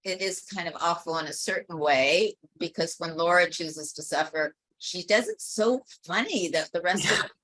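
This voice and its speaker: A woman hosting an online discussion webinar, telling stories in a lively, laughing way over a video call. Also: lowish voice, normal speed, few pauses, no room sound, rough recording. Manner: animated, laughing storyteller. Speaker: webinar host. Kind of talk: casual group discussion.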